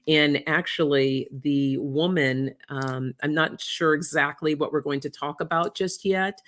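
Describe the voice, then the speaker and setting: An oracle card reader hosting a casual livestream, chatting warmly with viewers, reading out their comments and getting emotional. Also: mid-range voice. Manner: effusive, reads viewer comments aloud, gets emotional.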